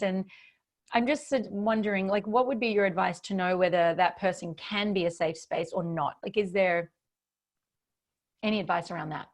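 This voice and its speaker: A woman's voice: mid-range voice, moderate pace. A woman hosting a podcast interview, talking candidly and reflectively with frequent fillers and restarts. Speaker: podcast host. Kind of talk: conversational interview.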